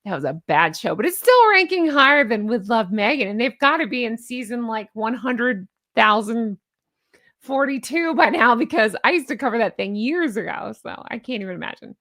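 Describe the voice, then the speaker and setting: A middle-aged woman hosting a casual chat, reading online posts aloud and reacting with sarcastic asides and animated remarks. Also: on the high side, moderate pace. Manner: chatty, animated, sarcastic asides and little sung bits.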